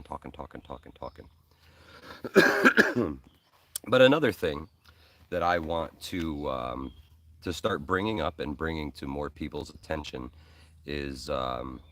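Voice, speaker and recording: A man with a very low, deep voice hosts a casual live stream, rambling along with plenty of ums and uhs. He talks like he's chatting with friends, answering viewer comments as they come in. He sits a little back from the microphone. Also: a bit bright, far from the mic. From Hudson Valley, New York. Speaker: host of a preparedness live stream.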